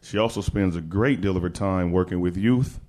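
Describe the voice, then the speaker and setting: A man's voice: low voice, normal speed, a little mellow. A man hosting a live event, upbeat as he thanks one speaker and reads out the next speaker's bio. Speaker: event host. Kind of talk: introducing speakers. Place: stage before a live audience.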